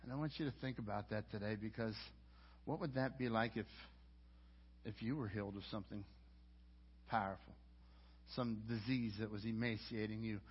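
A man's voice: on the low side, steady tone, normal speed, pauses often, husky. A man preaching a sermon as pastor, in a conversational way with frequent stammered restarts. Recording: dull lo-fi audio.

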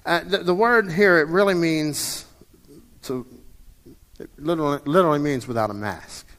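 A man's voice: a little high, moderate pace, fairly bright tone, in a large hall. A man in his fifties preaching a sermon as a pastor, in a conversational way that often repeats and restarts words. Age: 50s.

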